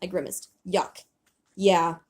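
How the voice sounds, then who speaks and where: A woman's voice: fairly low pitch, slow pace, husky. A young woman reading aloud from a novel she wrote as a kid and joking about it as a podcast host. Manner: animated reading, breaking into laughter. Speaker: host reading her old writing. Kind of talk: comedic reading of her childhood novel.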